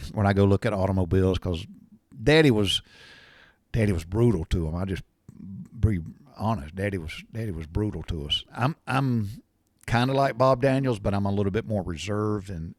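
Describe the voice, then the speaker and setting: A middle-aged man, telling a rambling, blunt story in a casual monologue and often clearing his throat. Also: fairly low pitch, no room sound, clean studio sound. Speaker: podcast host.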